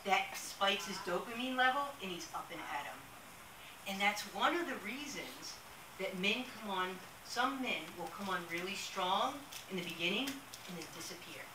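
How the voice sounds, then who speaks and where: A woman's voice: mid-range voice, lively intonation, moderate pace. Chatty woman lecturing in an echoey room. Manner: chatty storytelling with asides and laughter. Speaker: workshop speaker. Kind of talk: live workshop talk. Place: room with a live audience. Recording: distant mic in an echoey room, with hiss.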